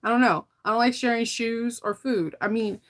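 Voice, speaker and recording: With a slightly high voice at normal speed, a middle-aged woman chats while sewing for her vlog. She laughs frequently and leaves sentences hanging, sounding tired as she recovers from being ill.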